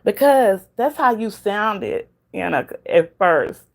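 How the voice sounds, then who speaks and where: Gravelly Southern woman venting on a livestream. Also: medium pitch, expressive, slow pace. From Southern United States. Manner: chatty, talks straight to viewers in the chat, laughs often. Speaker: livestream host. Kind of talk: casual venting livestream chat.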